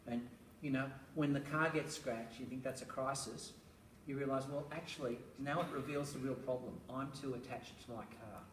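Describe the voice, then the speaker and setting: A middle-aged man gives a talk on raising children, spinning anecdotes and tossing in rhetorical asides with a chuckle. He is picked up from some distance in an echoey room, and steady noise sits under his voice. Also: medium pitch, normal speed, few pauses. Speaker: speaker on parenting, school educator. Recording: roomy, distant, noisy room recording.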